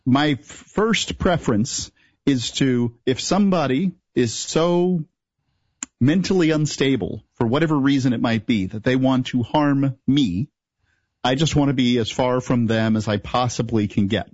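A man co-hosting a talk show gives advice in a measured, matter-of-fact tone at a middle pitch. His voice sounds dry and close, slightly dulled. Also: darkish tone, dry recording, highs cut off. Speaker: co-host.

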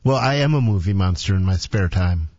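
A man's voice: deep voice, expressive, a little fast, darkish tone, no room sound, muffled recording. A male radio host with a dry, sardonic manner, bantering with his co-host and callers.

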